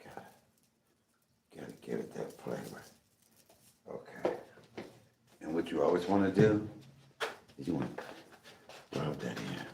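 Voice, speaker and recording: A man's voice: a bass voice, sing-song, a little slow, gravelly, pauses often, warm tone, reverberant, a little hiss or hum. A man cooking in his home kitchen for a casual vlog, chatting and calling out to his viewers as he seasons his food. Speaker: cooking vlogger.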